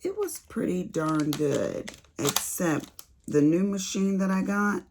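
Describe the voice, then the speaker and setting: A woman's voice: fairly low pitch, takes it slowly, noisy background. A middle-aged woman chatting casually to her viewers while unboxing craft supplies, calling them honey. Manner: chatty, calls viewers honey, Southern-tinged slang. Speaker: craft vlogger.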